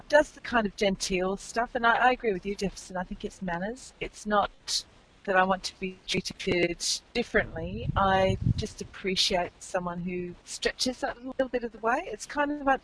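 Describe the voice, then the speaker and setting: A woman's voice: medium pitch, a little hiss or hum, rough recording. A woman in casual podcast chat, thoughtful and rambling with many fillers.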